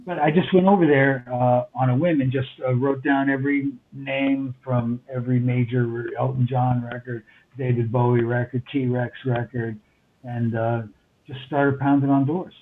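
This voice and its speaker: An older man from New York City, speaking with a New York accent, is a recording engineer who tells long, meandering stories packed with fillers and restarts. His mid-range voice has little pitch movement at a moderate pace, heard over a tinny phone line with a little hiss or hum.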